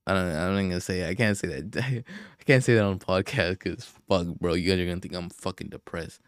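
A young man hosts a casual solo podcast, talking in a rambling, profane way with frequent sighs and fillers. His voice sits fairly low. The sound is dry and close, with no room echo. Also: a little fast. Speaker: podcast host.

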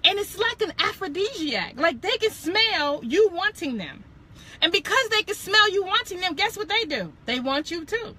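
Lively, high-voiced woman sharing testimony. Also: moderate pace. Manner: animated, laughing, self-correcting and backtracking. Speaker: podcast host. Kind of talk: candid faith testimony chat.

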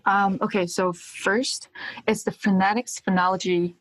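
A woman's voice: medium pitch, little pitch movement, unhurried, dry recording. Young woman from China, dry close sound. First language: Mandarin. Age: young adult. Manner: explains carefully with examples. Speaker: guest, graduate student. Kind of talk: casual interview.

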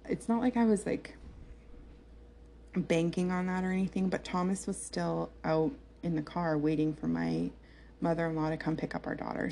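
A woman's voice: on the low side, mellow, a little hiss or hum. A young woman telling a personal story to her viewers in a chatty, candid way, with lots of fillers and laughter. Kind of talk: casual storytelling to camera.

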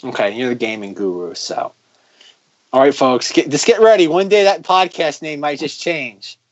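Guy cohosting a podcast, kinda high voice, rambles and jokes, muffled lo-fi sound. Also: moderate pace. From United States. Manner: joking, rambling with many restarts. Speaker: podcast co-host. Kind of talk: casual podcast chat. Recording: dull lo-fi audio.

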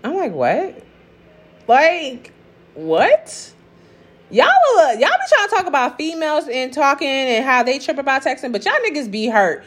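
With a high voice that swings widely in pitch at a normal speed, a young vlogger rants casually about a dating-app experience. She's blunt, sassy, and profane, reading out the texts for her viewers.

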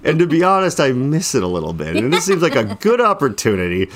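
Fast and fairly bright, this young man's high-leaning voice swoops wildly in pitch. He hosts a casual podcast, rambling late at night through a long story loaded with "like" while acting out both sides of his phone calls.

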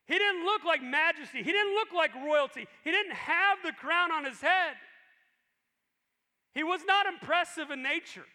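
A male pastor preaching a sermon with animated emphasis. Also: extremely high pitch, normal speed. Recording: long reverb in a large hall.

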